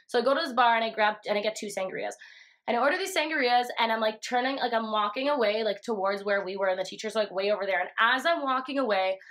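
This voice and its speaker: A young woman telling a story in a casual, profane way, full of fillers and animated quotes. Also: fairly high pitch, quick pace. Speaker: vlogger.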